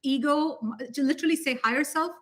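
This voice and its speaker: A woman with a fairly high voice talks in an excited, gushing way, laughing often as she co-hosts a casual spiritual chat. Her energy runs high, and her voice sometimes drifts a little farther from the mic. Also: a little fast. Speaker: spiritual teacher and co-host.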